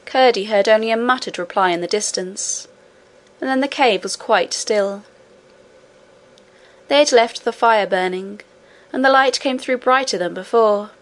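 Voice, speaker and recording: A woman narrating a classic children's storybook in a steady, measured reading voice. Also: fairly high pitch. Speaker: audiobook narrator.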